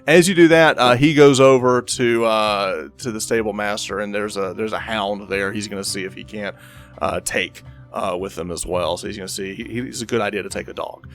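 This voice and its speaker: A man's voice: on the low side, moderate pace, a bit bright, faint music behind. A man running a tabletop game as game master, narrating in a rambling way with many fillers.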